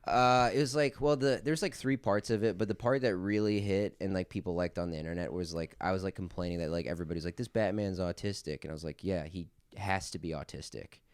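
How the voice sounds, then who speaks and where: A man's voice: sits low, fast, hardly any pauses, smooth, no echo. A male comedian guest rambling through a casual podcast chat, full of "like.".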